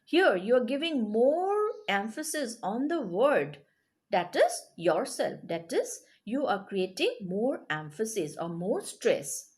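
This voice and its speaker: A woman's voice: a little high, very animated, slow. A woman teaching a grammar lesson to children, explaining patiently and checking in with questions. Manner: explains patiently, checks in with rising "yes?" and "okay?".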